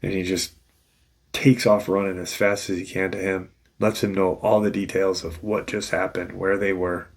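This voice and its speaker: A man's voice: deep voice, level tone, normal speed. A man host casually retelling an encounter story in a loose, rambling way, full of restarts and "you know".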